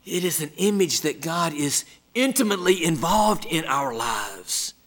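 A man preaching a sermon, emphatic and dramatic, moving from loud exclamations down to hushed near-whispers. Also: on the high side, sing-song, a little slow.

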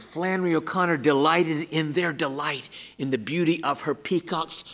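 A man preaching a sermon, emphatic and dramatic, moving from loud exclamations down to hushed near-whispers. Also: on the high side, fairly even intonation, normal speed, creaky, hardly any pauses.

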